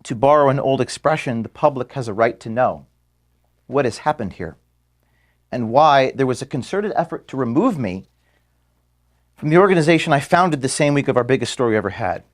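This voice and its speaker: A man, the founder of an organization, giving an earnest farewell speech to his staff in an office. He is emotional and halting, with restarts and pauses, and is being filmed. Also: mid-range voice, animated. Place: office room at headquarters. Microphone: filmed by camera.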